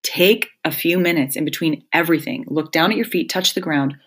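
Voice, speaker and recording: Low-voiced woman hosting a reflective talk. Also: fairly quick, breathy edge. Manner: conversational, speaks directly to listeners as folks. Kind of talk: reflective self-help monologue.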